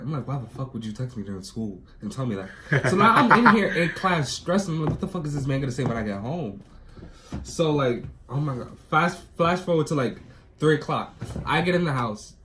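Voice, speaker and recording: A young man with a New York accent in a casual chat, telling stories in an animated way and swearing a lot. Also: medium pitch, background noise. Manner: animated storytelling, swears often. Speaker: co-host.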